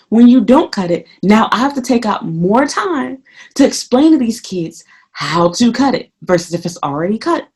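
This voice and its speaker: A woman vlogging casually, venting heatedly about her work as a teacher and swearing freely, her voice a little hoarse. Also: a little high, big pitch swings, moderate pace, darkish tone. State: slightly hoarse. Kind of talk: casual ranting vlog.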